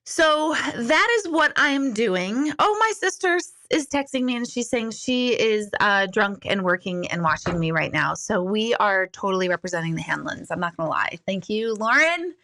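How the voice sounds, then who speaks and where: A woman's voice: medium pitch, animated, normal speed, few pauses, bright, forceful tone. A middle-aged woman chatting candidly on a live stream, slightly tipsy after a couple of glasses of wine, swearing casually. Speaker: livestream host.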